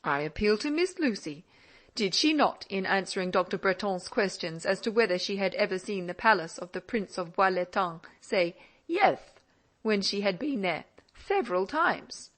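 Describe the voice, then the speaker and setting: A woman's voice: medium pitch, lively intonation, moderate pace, natural voice. Woman reading as a fond teasing old father. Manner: indulgent and gently mocking. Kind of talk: audiobook character reading.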